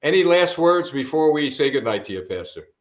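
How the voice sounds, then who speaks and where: A man hosting a live broadcast, earnest and halting, with many fillers and restarts. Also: fairly high pitch, big pitch swings, echoey room.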